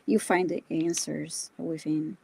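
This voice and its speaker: A woman co-hosting a live psychic reading, speaking softly and hesitantly with many ums. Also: deep voice, fairly even intonation, slow, creaky, slight background noise, poor audio. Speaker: psychic reader, co-host.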